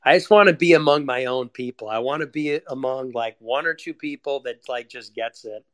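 A man's voice: medium pitch, moderate pace, fairly bright tone, no room sound, clean studio sound. A young man in a casual confessional monologue, rambling and self-deprecating, with frequent swearing. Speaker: vlogger.

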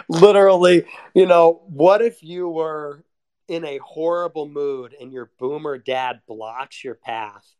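Sardonic young man, slightly high voice. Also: slow pace, a little mellow, clear, resonant tone. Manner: sardonic, swearing, laughs often. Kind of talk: casual rant.

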